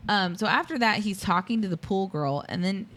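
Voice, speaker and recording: A woman's voice: medium pitch, normal speed, a bit bright. A woman co-hosting a casual film review podcast, retelling scenes at length with lots of ums and likes. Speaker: podcast co-host.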